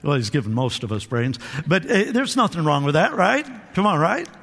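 A man's voice: a little high, huge pitch swings, normal speed, a bit bright, big-room sound. A man preaching a sermon to a church, calling for amens, repeating phrases and restarting his sentences. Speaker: pastor. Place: church hall.

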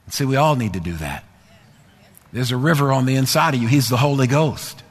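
A man's voice: mid-range voice, lively intonation, fairly quick, breathy edge. A male pastor preaching a sermon, telling a personal story in a conversational way, then repeating phrases and building to emphatic exhortation. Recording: long hall reverb.

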